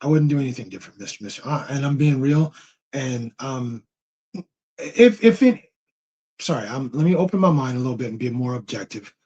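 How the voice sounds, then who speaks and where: Blunt man, husky lo-fi voice. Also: mid-range voice, quick pace, dark tone. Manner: blunt, repeats himself to press a point. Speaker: co-host of a live Q&A stream. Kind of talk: casual live-stream chat. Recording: dull lo-fi stream audio.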